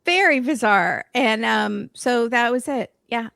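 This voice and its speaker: Higher-voiced woman guest, dry close sound. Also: measured pace, creaky, fairly bright tone, no room sound. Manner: wry, teasing banter. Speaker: podcast guest. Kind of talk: casual chat.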